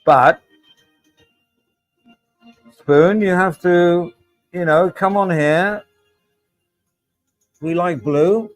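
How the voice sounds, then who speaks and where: A man's voice: sits high, very slow, pauses often, faint music behind, rough recording. A middle-aged man hosting a casual livestream, reading out chat and joking with viewers by name. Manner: chatty, jokey, addresses viewers by name.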